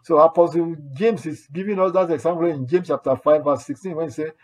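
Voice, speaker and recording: A man's voice: a little high, fairly quick, darkish tone, slightly rough. A man preaching a sermon, earnest and exhorting, repeating his points and quoting scripture as he goes. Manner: earnest, repetitive exhortation with quoted asides.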